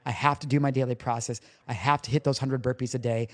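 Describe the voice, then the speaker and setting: A man's voice: mid-range voice, steady tone, fast talker. A man guesting on a podcast as a recovery coach, telling a personal story candidly and emotionally, swearing casually.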